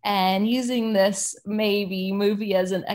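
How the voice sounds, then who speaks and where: A woman's voice: medium pitch, steady tone, slow pace. Chatty woman leading a video-call workshop. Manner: chatty, warm storytelling with many fillers. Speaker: children's ministry leader leading a workshop. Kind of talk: casual workshop facilitation. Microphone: computer mic on a video call.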